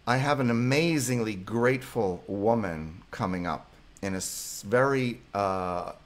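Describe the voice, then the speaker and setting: A man's voice: lowish voice, measured pace. A middle-aged man, a psychologist hosting a live stream, effusively thanking viewers and reading their comments aloud.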